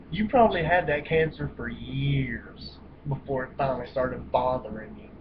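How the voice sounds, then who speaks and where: A man ranting in a casual vlog, blunt and profane, rambling and cutting himself off. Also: mid-range voice. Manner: blunt and profane, emphatic outbursts; rambling, self-interrupting. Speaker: vlogger. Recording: dull lo-fi home recording with steady hiss.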